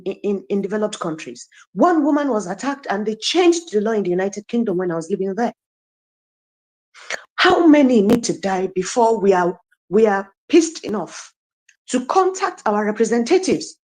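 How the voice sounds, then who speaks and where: A woman's voice: medium pitch, very animated, moderate pace, darkish tone. A woman giving an emotional, preachy speech full of rhetorical questions in an online audio chat room. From Nigeria. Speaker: guest speaker.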